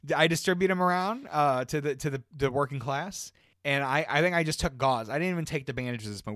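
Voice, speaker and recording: A man's voice: mid-range voice, no room sound, studio quality. A man co-hosting a casual podcast, telling a long story in a rambling, profane way. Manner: profane, rambling, animated retelling. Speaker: podcast co-host.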